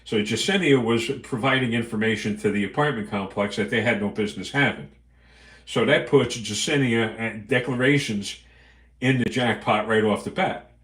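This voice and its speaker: A man's voice: fairly low pitch, moderate pace, fairly bright tone, echoey room. A man hosting a livestream, ranting angrily and profanely in a rambling way. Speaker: livestream host.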